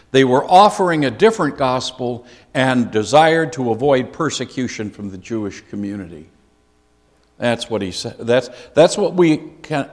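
A man leading a Bible study lesson, earnest and given to repeating key phrases for emphasis. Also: mid-range voice. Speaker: Bible teacher. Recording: long reverb of a large hall.

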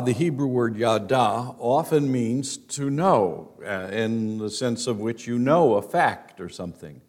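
A male preacher works through a scripture passage in an expository sermon, leaning hard on key words for emphasis. He speaks slowly and deliberately, letting each phrase land. His voice sits at an ordinary middle pitch. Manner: deliberate, emphatic teaching delivery. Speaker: pastor.

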